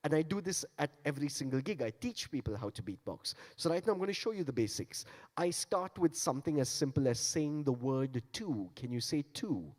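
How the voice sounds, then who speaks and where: A man with a somewhat high, mellow voice speaks briskly with lively intonation, giving a playful beatboxing talk and demonstration on stage and coaxing the audience to join in. The large conference hall gives the recording a long reverb.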